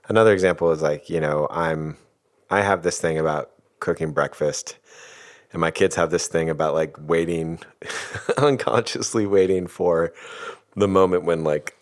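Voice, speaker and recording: A middle-aged man in a podcast conversation, explaining ideas in a thoughtful, rambling way with soft laughs. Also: extremely low pitch. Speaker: podcast host and guest expert.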